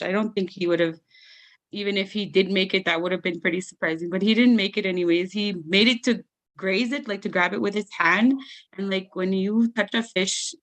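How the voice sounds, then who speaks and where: A young adult woman telling funny family stories as a guest storyteller at a live event, animated and laughing often. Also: mid-range voice. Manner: animated, laughs often, acts out family members in raised voices.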